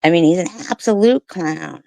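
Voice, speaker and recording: A commentary streamer rants about comments she reads aloud, mocking her critics with profanity and firing back sarcastic rhetorical questions. Her voice sits on the low side and is a little mellow with vocal fry, at a normal speed. The recording has no echo.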